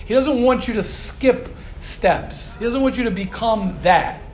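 A man's voice: extremely high pitch, measured pace, slight background noise. A man teaching a religious class to students, emphatic and repetitive, sometimes acting out their complaints. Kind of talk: lively classroom lecture. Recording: echoey room.

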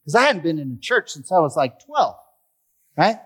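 A man's voice: fairly high pitch, big pitch swings, normal speed, fairly bright tone, slightly rough. A man giving a personal recovery testimony, telling his story expressively and acting out the dialogue. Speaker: testimony speaker.

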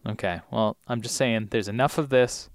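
A woman's voice: rumbling low, moderate pace, no room sound, studio quality. A young woman co-hosting a podcast in casual chat, jokey and fond of puns. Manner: pun-loving, giggly, jokey. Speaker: podcast co-host.

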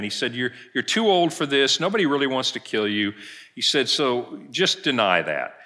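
A man's voice: medium pitch, lively intonation, moderate pace, bright, forceful tone. A middle-aged male pastor preaching a sermon, retelling a story and acting out the quoted lines.

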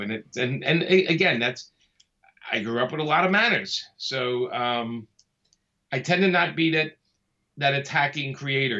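A comic artist from Brooklyn, New York, appears as an interview guest, talking in an easygoing, casual way and laughing often. His mid-range voice is pushed and bright, though the audio sounds dull.

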